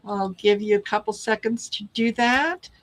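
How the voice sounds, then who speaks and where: A woman's voice: mid-range voice, normal speed, low-quality recording. A woman hosting a live tarot reading stream, chatting casually and calling out viewers by name. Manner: friendly, calls out viewer names.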